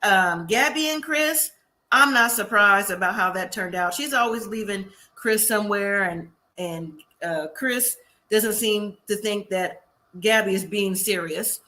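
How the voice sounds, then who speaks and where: A woman's voice: medium pitch, measured pace, bright, forceful tone. A woman host giving a chatty, casual recap of a TV episode. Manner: chatty, acts out quotes of the cast.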